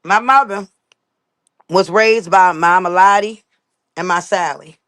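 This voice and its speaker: A woman's voice: lowish voice, a little slow, fairly bright tone. A young woman with a Baltimore accent, talking bluntly and emphatically to viewers on a casual live stream.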